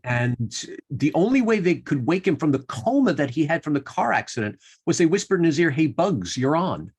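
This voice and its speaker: Male interview host, halting and effusive delivery. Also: on the high side, big pitch swings, slightly rough. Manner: hesitant, full of restarts, effusive. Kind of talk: casual interview talk.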